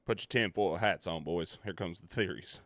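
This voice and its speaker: A man reacts on stream in loose, casual commentary. He thinks aloud, stumbling through fillers and restarts in a bright, forceful voice. His voice is fairly low and recorded dry and close. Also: moderate pace, dry recording.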